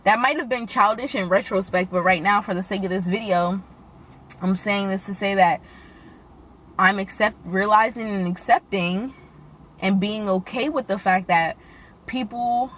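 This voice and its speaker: A woman's voice: mid-range voice, normal speed, fairly bright tone, slight background noise. A woman vlogging in a candid, emotional way, swearing freely and near tears as she talks. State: tearful. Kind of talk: casual emotional vlog talk.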